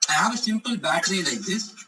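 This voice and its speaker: A man's voice: sits high, sing-song, quick pace, bright, forceful tone, far from the mic, a little hiss or hum, poor audio. A man teaching an electronics lesson, explaining step by step and often checking with the class. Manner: repeats "correct?" to check understanding. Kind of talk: explanatory lecture.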